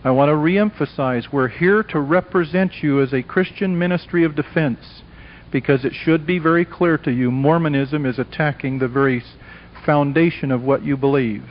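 A man with a fairly high voice delivers an evangelistic lecture to a live audience, emphatic and dramatic. He slips into the voices of characters as he tells a story. The sound is a dull, lo-fi old tape recording. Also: moderate pace. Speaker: Christian speaker. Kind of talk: evangelistic lecture with acted dialogue.

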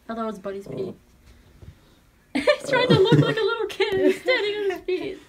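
A woman's voice: extremely high pitch, wildly swooping pitch, moderate pace, over a noisy crowd. A woman chatting casually at home about the pets, teasing and voicing what they think. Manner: teasing, voices the pets' thoughts. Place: home room. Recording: home video with clear background noise.

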